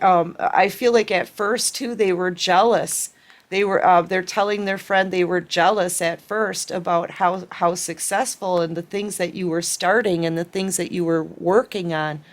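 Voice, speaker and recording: A woman giving a collective tarot reading, speaking with emotion and sometimes acting out what others said. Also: mid-range voice. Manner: emotional, acts out quoted pleas. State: tearful at times. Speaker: tarot reader.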